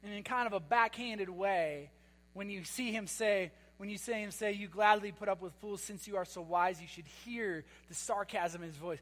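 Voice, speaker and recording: A man's voice: high voice, moderate pace, a bit bright. A man preaching a sermon as pastor, emphatic and repetitive, with sarcastic asides. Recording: long hall reverb with mains hum.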